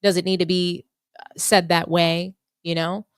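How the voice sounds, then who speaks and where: A woman in her thirties hosting a sports talk show, giving frank and measured opinions. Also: fairly low pitch, little pitch movement, clean tone, no echo, clean studio sound. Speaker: podcast host. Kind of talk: casual commentary.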